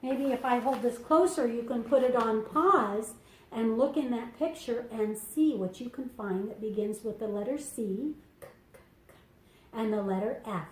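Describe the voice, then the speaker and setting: A woman reading a picture book aloud to preschoolers, slow and sing-song, stopping to explain things to the children. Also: a little high, slight background noise. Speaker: children's librarian. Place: library room. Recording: echoey room.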